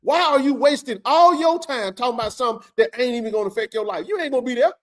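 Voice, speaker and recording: A man, hosting a sports livestream. He rants in a fiery, preachy way, and his high voice swings widely in pitch. He hammers his points home by repeating them. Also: expressive, quick pace, fairly bright tone. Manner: fiery, preachy, colloquial, repeats himself for emphasis. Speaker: host of a college football show. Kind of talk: animated livestream rant.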